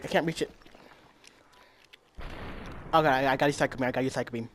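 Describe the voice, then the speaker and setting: A young man giving casual let's-play commentary while playing a VR game, reacting with loud exclamations. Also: medium pitch, fairly even intonation, fast talker. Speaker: gamer playing VR with a friend. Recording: noisy with game gunfire behind.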